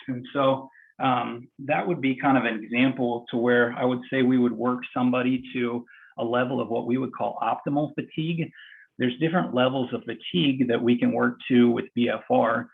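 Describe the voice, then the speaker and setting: Male therapist, gravelly and husky, coaching while exercising, thin call-line sound. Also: mid-range voice, steady tone, normal speed, narrow, tinny audio. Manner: talks while exercising, plain and encouraging. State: out of breath. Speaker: physical therapist demonstrating exercise. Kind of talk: instructive explanation during a live demo.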